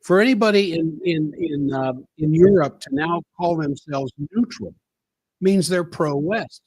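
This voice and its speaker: A man's voice: a little high, unhurried, darkish tone, husky, no room sound, low-quality recording. A man hosting a solo commentary show, talking in an emphatic way and repeating key phrases for effect. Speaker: political commentary host.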